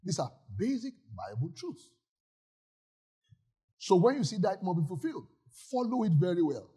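A man's voice: high-pitched, sing-song, moderate pace, mellow, breathy edge. A male pastor preaching a sermon in a church, emphatic and often asking the congregation if they follow.

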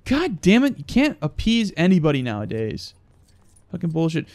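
Crude, animated young man commentator. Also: a little high, normal speed, no room sound. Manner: profane, mock-angry, joking. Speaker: gaming video host.

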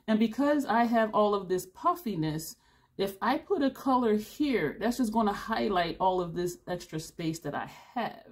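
This fifties-aged beauty vlogger has a lowish, slightly mellow voice. Her casual to-camera chat is blunt and rambling, with occasional laughter and a touch of tiredness.

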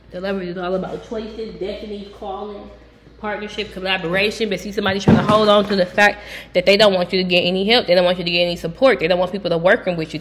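A woman giving a casual tarot reading from home, blunt and profane, breaking into loud sudden outbursts. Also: fairly low pitch, a little hiss or hum. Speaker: tarot reader.

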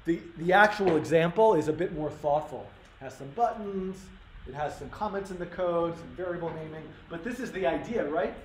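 A man with a slightly high voice runs a live-coding workshop, talking fairly quickly as he thinks out loud with lots of fillers and restarts. The live-stream audio from the workshop room is roomy, with faint room noise.

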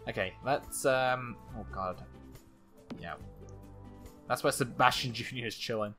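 Jumpy gaming host doing let's-play commentary, bright sharp voice, soft game music behind. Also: medium pitch, slow pace, long pauses. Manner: excitable, jumpy, frequent laughs and exclamations.

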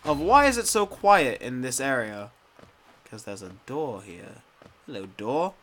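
With a medium-pitched voice and a measured pace, a young man narrates a casual let's play. He addresses the screen, cursing freely and rambling, dropping to quiet mutters and then bursting out loud with excitement.

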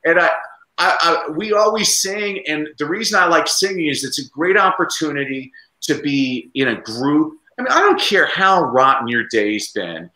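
Animated, lively man in an echoey room. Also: on the high side, normal speed. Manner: energetic, lively, puts on voices in anecdotes. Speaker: guest speaker, educator. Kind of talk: animated conversational storytelling.

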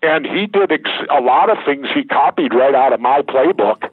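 A man's voice: mid-range voice, animated, normal speed, slightly rough, no room sound. Blunt older man on a tinny line. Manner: blunt, emphatic storyteller. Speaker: guest, former governor. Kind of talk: candid interview talk. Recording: tinny phone line, dry.

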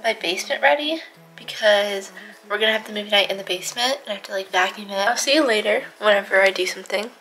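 A woman's voice: medium pitch, quick pace, fairly bright tone, soft background music, low-quality recording. A seventeen-year-old girl chatting casually to her camera in a vlog, bubbly and talkative, with giggly asides. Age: teens. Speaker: vlogger. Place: at home and by a pool.

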